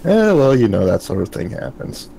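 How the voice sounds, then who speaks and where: A man running an online tabletop game as game master, narrating scenes in a calm, matter-of-fact way. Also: medium pitch, normal speed, vocal fry, slight background noise.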